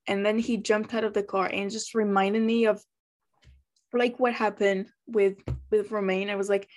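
A woman co-hosting a podcast, retelling a tense moment dramatically in casual chat. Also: mid-range voice. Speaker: podcast co-host.

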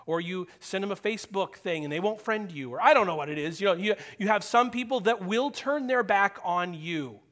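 A man preaching a sermon as a pastor, animated, rising to loud urging and dropping to a hushed near-whisper, acting out quoted voices and putting questions to the room. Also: high-pitched, fairly quick, hardly any pauses.

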